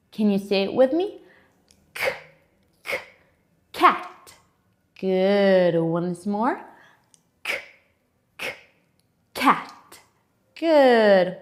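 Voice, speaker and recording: A woman teaching English letter sounds to young children, speaking slowly and clearly, with exaggerated letter sounds and lots of encouragement. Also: mid-range voice. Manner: encouraging, repeats and invites kids to join in. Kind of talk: children's phonics lesson.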